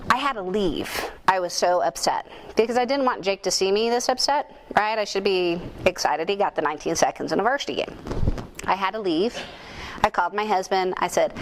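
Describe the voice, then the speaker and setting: A middle-aged woman speaking at a conference, telling a personal story in a candid, self-deprecating, animated way. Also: lowish voice, a little hiss or hum. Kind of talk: storytelling keynote talk. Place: conference room.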